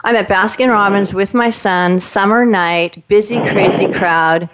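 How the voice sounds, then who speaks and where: A woman in casual conversation, telling stories in an animated way and acting out what the people in them said. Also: mid-range voice, unhurried, background noise. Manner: animated storyteller, voices the people in her stories.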